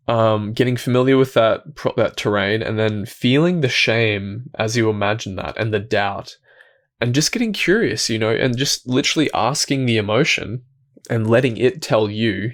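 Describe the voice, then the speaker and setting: A man hosting a reflective self-help talk, speaking calmly and gently, often restarting his thoughts and dropping into soft, quiet asides. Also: mid-range voice, moderate pace. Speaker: self-help video host.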